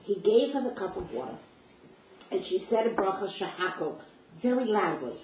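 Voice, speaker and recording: A woman's voice: mid-range voice, lively intonation, normal speed, darkish tone. An older woman tells a personal story in a vivid, emotional way, acting out the dialogue as she goes. Her voice sits in a middle register. She is picked up from some distance in an echoey room, with faint noise underneath. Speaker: speaker sharing personal memories.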